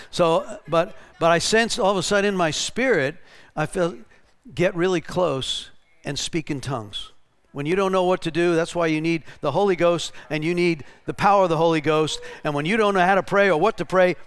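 A man preaching a storytelling sermon in an animated way, restarting and repeating words and rising to shouted bursts. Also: high voice, a little fast, hardly any pauses, clear, resonant tone. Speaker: pastor.

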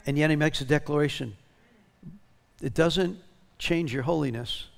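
A male pastor preaching with a gravelly, creaky edge in a slightly higher voice. He swings between emphatic bursts and quieter passages as he reads scripture aloud. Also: normal speed, long pauses. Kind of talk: sermon.

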